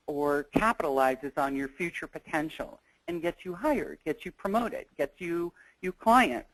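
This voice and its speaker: A woman's voice: sits low, no room sound, rough recording. A woman presenting a negotiation skills webinar, talking in a conversational, earnest way and weaving in personal stories. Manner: conversational and earnest, thinking aloud.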